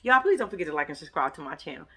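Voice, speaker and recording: Bright-voiced woman in a profane vlog rant. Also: low voice, rapid-fire, a little hiss or hum. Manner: animated, profane, trash-talking. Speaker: vlogger recapping a reality show. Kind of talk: casual commentary vlog.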